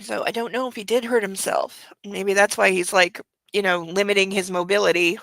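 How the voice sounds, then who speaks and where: A woman's voice: mid-range voice, steady tone, brisk, gravelly, a bit bright, no room sound, low-quality recording. A woman hosting a casual late-night livestream from home, cooing baby talk to her dog and swearing freely. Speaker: livestream host.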